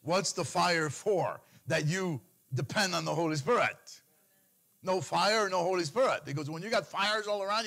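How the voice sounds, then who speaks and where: A man's voice: normal speed, creaky. A middle-aged man preaching a sermon, switching into pleading cries as he mimics worried believers. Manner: animated preaching, mimics anxious pleas in a higher voice. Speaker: pastor.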